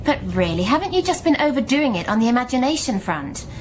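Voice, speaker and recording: A woman's voice: on the high side, very animated, fast talker, slight background noise, rough recording. An actress playing Kate, a self-centred young woman who talks bluntly and condescendingly in a radio drama.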